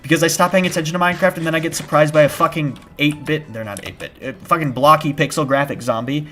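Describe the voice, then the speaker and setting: A young game streamer chats casually on a live stream while playing, talking fast in a fairly high voice. He rambles and interrupts himself, with sudden bursts of shouted panic at scares, and background music plays.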